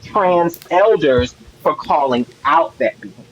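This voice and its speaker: A man's voice: a little high, expressive, a little slow. A man hosting a live stream, giving heated commentary with emphatic, repetitive build-ups. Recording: dull lo-fi stream audio with faint noise.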